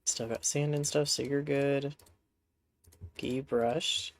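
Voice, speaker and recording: A congested man rambles along as he plays, chatting to the animals on screen in an easygoing, off-the-cuff way. His voice sits at an ordinary middle pitch, and he sounds like a streamer thinking out loud. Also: fairly even intonation, slow pace. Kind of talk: casual gameplay commentary.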